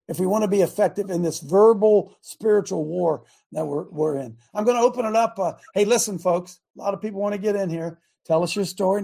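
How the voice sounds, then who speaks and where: Emphatic call-in radio host, man, husky gravelly voice. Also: sits high, dark tone. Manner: folksy, emphatic, exclaiming.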